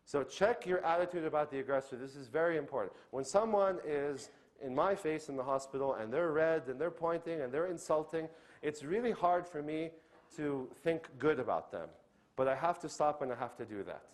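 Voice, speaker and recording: A doctor gives an earnest religious lecture in a fairly high, fairly quick voice. He poses questions to the audience, answers them himself, and keeps checking in with "okay?"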